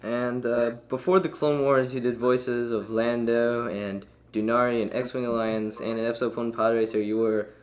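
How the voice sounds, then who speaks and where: A man hosts a casual podcast interview over a video call. He asks his questions haltingly, stopping often to search for words. His voice sits at an ordinary middle pitch. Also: flat delivery. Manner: hesitant, lots of uh fillers between questions. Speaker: podcast host.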